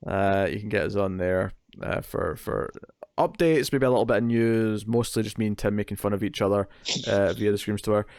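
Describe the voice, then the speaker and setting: A man's voice: fairly low pitch, brisk, vocal fry, a little mellow, dry recording, studio quality. A man hosting a horror movie podcast, chatting casually with a lot of fillers and jokes. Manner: rambling, filler-heavy, jokey. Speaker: podcast host.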